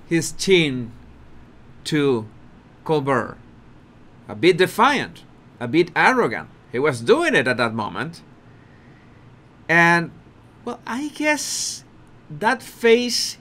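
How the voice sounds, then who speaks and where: Brief: male video commentator, high and lively voice, unhurried and repetitive delivery. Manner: repetitive, restarts often, animated with laughter.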